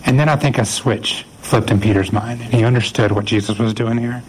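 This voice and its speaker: A pastor preaches a sermon conversationally in a medium-pitched, steady, brisk voice, recorded with poor audio. He acts out the lines of the biblical figures in his story.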